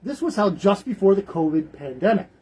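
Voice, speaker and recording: Male radio host, husky, rambling casual commentary, chuckles between thoughts. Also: high-pitched, lively intonation, a little fast, mellow, rough recording. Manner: rambling, repeats words, chuckles.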